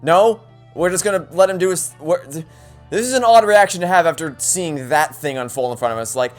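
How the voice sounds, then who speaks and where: A woman's voice: lowish voice, big pitch swings, fast, faint music behind. A woman giving chatty, joking commentary as she plays through a story game. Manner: chatty, joking, stumbling restarts. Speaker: let's play host. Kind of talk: casual gaming commentary.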